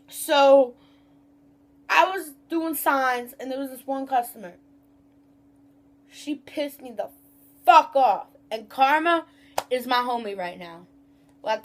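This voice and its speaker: A young woman vlogging a casual storytime rant about her job, rambling and profane, acting out customers' voices. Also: a little high.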